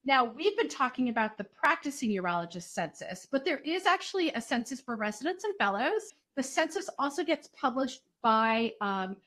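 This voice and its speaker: High-voiced woman in a podcast clip. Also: very animated, moderate pace, hardly any pauses, fairly bright tone. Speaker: speaker in a professional podcast clip. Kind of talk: informative podcast talk.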